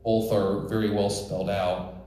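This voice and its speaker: A man's voice: fairly low pitch, flat delivery, normal speed, warm tone, slight background noise. Echoey, earnest man preaching a sermon. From rural United States. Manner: earnest, emphatic, joking asides to the congregation. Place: church sanctuary. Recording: echoey church hall, distant mic.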